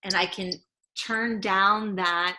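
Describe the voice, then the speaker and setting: A woman's voice: mid-range voice, steady tone, takes it slowly, bright, forceful tone. A woman lifestyle coach, a podcast guest, talking earnestly and reflectively, acting out the voices in her head. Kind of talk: conversational interview.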